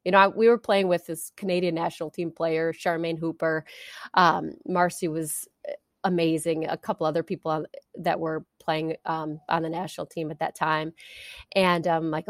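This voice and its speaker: A woman's voice: on the low side, fairly even intonation, normal speed, gravelly, no room sound, clean studio sound. A middle-aged woman guest in an interview, telling an earnest story with many fillers and restarts. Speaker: interview guest, sport psychology coach.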